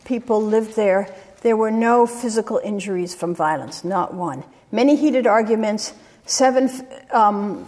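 Woman lecturing in a reverberant hall. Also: a little high. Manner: retells field stories, quoting people with lively inflection. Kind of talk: academic lecture with storytelling.

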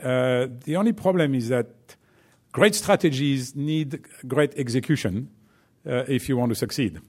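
A man's voice: medium pitch, animated, normal speed, husky. A man with a French accent, a company executive giving a chatty business talk to students, full of fillers and "right?" check-ins.

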